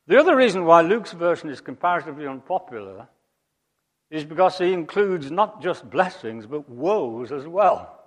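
A man preaching a sermon, emphatic, rising to loud high peaks and dropping to quiet asides. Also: big pitch swings, normal speed. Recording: long hall reverb.

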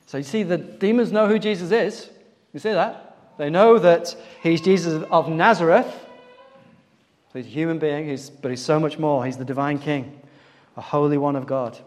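A man giving a church Bible talk, pitched somewhat high for a man, quizzing the congregation to fill in the gaps as he goes. His voice rings with the long reverb of a church hall. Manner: quizzing listeners to fill in missing words. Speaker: preacher.

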